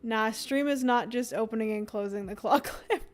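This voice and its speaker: A woman's voice: a little high, normal speed. A young woman streamer chatting casually and giggling as she rambles through a livestream.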